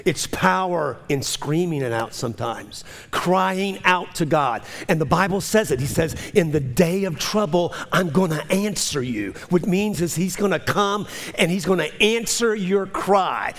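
A man in his fifties preaches an impassioned sermon, his high, gravelly voice swinging from loud cries down to hushed whispers. The sound carries a long reverb, as if from a church hall. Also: lively intonation, unhurried. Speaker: pastor.

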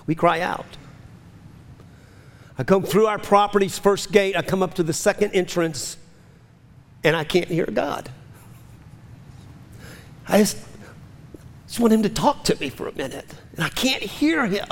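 Impassioned preaching man, gravelly and high. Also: measured pace, long pauses. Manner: impassioned, swings from loud cries to hushed whispers. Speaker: pastor. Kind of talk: sermon. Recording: long hall reverb.

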